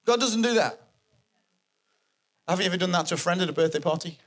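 A man preaching a sermon, animated and emphatic, repeating his key phrases for effect. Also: sits high, fast talker, pauses often.

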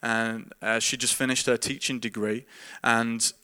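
A man's voice: mid-range voice, level tone, a little slow, sharp tone. A man who is a pastor, giving an earnest, informal sermon with frequent repeated words and chuckles. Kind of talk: conversational sermon.

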